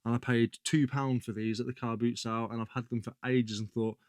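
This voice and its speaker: British bloke rambling about stuff he sold, mid-pitch voice, dry close sound. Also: level tone, fairly quick, darkish tone, no echo. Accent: British English. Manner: chatty, slangy, self-correcting as he goes. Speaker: reseller vlogger. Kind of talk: casual chat.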